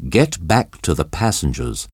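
A man voicing a calm, stern male airline captain in an audiobook story, giving firm orders. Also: sits low, unhurried, slightly rough, dry recording, studio quality, exaggerated voice. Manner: firm, commanding.

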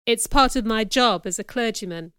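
A woman reading the lines of a stern, earnest young male clergyman in an audiobook, in a calm and low-key way. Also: normal speed, smooth, dry recording, studio quality, lightly acted.

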